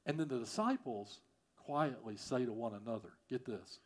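A man preaching a sermon, repeating phrases and swinging from loud emphasis to quiet, prayerful lines. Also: mid-range voice, normal speed. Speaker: pastor.

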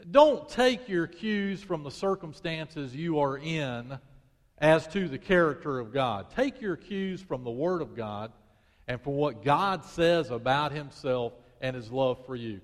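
A man preaching a sermon as pastor, swinging from loud emphasis to hushed prayer. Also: a little high, expressive, measured pace. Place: church sanctuary. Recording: long church hall reverb.

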